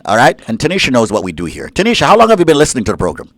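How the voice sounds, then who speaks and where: A man co-hosts a radio call-in show with a teasing, joking manner. His voice swings widely in pitch as he clowns around. The sound is dry and close to the mic. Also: wildly swooping pitch, rapid-fire, fairly bright tone, no echo. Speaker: radio co-host. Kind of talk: casual radio banter.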